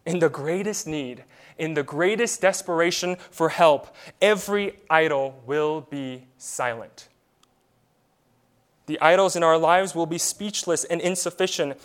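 Man preaching a sermon, kinda high voice, really smooth, asks the crowd lots of questions, goes quiet for effect. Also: unhurried. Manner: emphatic preaching full of rhetorical questions, with sudden drops to quiet; repeats words when starting a phrase. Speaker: pastor.

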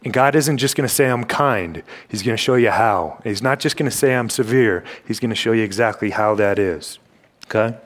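A young man preaching a sermon in a church, emphatic and full of rhetorical questions, clearing his throat now and then. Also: fairly low pitch, brisk. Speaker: campus ministry preacher. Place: church sanctuary.

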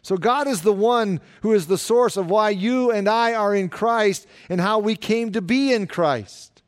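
High-voiced man preaching a sermon. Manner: earnest preaching, slows down to stress scripture quotes. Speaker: pastor.

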